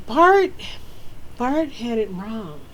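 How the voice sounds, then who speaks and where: A woman author from the American South with a Southern accent, telling stories casually in a sassy, animated way with frequent laughter. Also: on the high side, drawn-out words, poor audio. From Southern United States. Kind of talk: casual storytelling.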